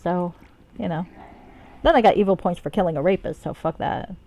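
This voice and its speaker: A woman's voice: fairly low pitch, brisk, dark tone. A woman streaming a game, chatting casually and rambling, swearing freely and joking about herself. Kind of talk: casual live-stream commentary.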